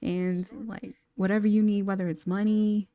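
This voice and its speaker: A woman's voice: mid-range voice, level tone, moderate pace, dark tone, dry recording, lightly acted. A woman voicing a caring adult son who worries about his mother. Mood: earnest. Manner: earnest, reassuring.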